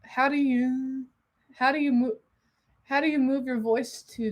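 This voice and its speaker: Woman, young, high voice, excitable livestream host. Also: a little slow, dull audio. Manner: excitable, exclamatory, chatty. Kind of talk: casual livestream chat.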